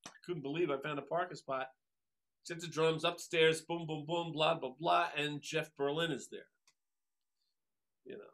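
A man, a drummer telling stories as a guest, animated and acting out the voices of people he quotes. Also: fairly high pitch, moderate pace, long pauses. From Long Island, New York. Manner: animated, acts out quoted voices, many fillers. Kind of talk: casual storytelling interview.

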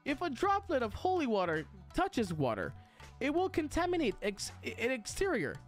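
A woman streamer in a casual livestream rant, heated and profane, swinging between mock outrage, shouting and laughter. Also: sits high, wildly swooping pitch, moderate pace, soft background music.

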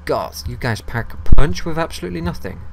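A young gaming video host with a slightly high, brisk voice and some vocal fry does casual let's-play commentary over a noisy background. He chats with viewers and the on-screen creatures, swears freely, and gets loud and excited when ambushed.

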